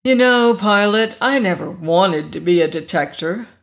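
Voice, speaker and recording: A narrator voicing Jer, a young shape-shifting alien living as a dog, easygoing and stubborn, in a slow storybook reading. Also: mid-range voice, animated, vocal fry, a bit bright. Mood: carefree.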